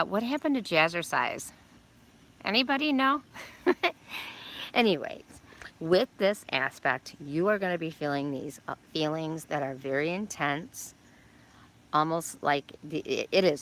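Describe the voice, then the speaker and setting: A woman's voice: sits low, vocal fry, sharp tone. An older woman talking outdoors, giving a casual, encouraging weekly astrology message with rambling fillers. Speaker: astrology vlogger.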